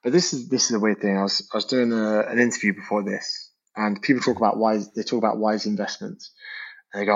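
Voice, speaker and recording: A man's voice: fairly low pitch, fairly even intonation, fast. A man chatting casually as a guest, candid and swearing freely. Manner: candid, swears freely, acts out quoted people. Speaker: podcast guest. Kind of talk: casual conversation. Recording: dull lo-fi audio.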